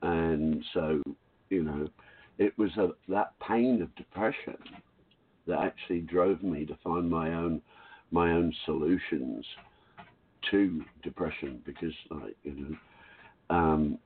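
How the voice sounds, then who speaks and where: An older man calling in to a talk radio show, telling his story in a frank, confident, unhurried way. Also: deep voice, husky. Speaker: caller. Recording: tinny phone line.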